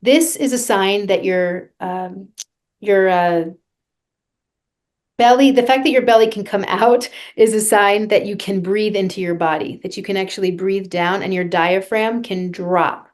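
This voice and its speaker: A woman's voice: mid-range voice, measured pace. A woman vocal coach being interviewed on a podcast, talking earnestly and guiding listeners through a breathing exercise.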